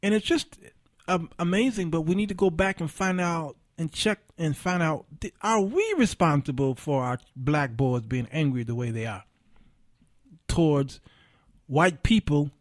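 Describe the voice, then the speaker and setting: A man's voice: fairly high pitch, expressive, measured pace, no echo, studio quality. A middle-aged man hosting a livestreamed talk show, delivering a passionate monologue with preacher-like swells of emphasis. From Chicago area, US.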